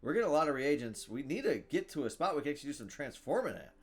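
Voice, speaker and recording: Excitable man thinking aloud while gaming. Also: a little high, racing, husky. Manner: excitable, thinks aloud, reads card text aloud, bursts into loud cheers. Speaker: gameplay streamer. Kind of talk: live gameplay commentary.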